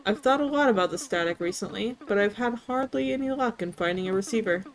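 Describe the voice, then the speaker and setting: A woman's voice: medium pitch, expressive, fast talker, natural voice, rough recording. A woman voicing a kindly, wistful old grandmother in a cozy video game, reading her dialogue aloud with a folksy, reminiscing manner.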